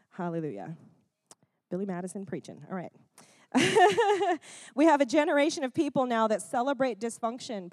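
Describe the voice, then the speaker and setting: A woman delivers an animated, chatty sermon, frequently checking in with the congregation through quick "Amen? Okay?" asides and laughing occasionally. Her voice sits a little high, and the recording is clean studio audio with no room sound.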